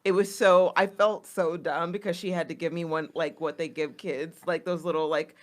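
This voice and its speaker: A woman's voice: fairly low pitch, fairly even intonation, normal speed. A woman co-hosting a comedy podcast, telling stories in casual chat and laughing often. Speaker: podcast host.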